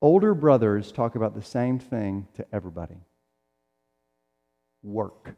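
A man's voice: lowish voice, animated, a little slow, dull audio. A middle-aged man preaching a sermon in a conversational way, acting out the quotes he tells. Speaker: pastor. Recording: long reverb of a large hall.

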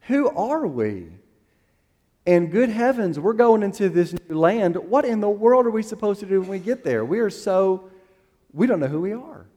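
A man's voice: high-pitched, very animated, moderate pace, warm tone, long reverb tail. A male pastor preaching a sermon, emphatic and building to a strong crescendo, with a few restarts and fillers as he finds the verses.

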